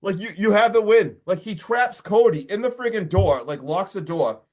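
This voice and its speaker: Man, podcast host, slightly high voice, excited, casual movie recap, acts out lines. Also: normal speed.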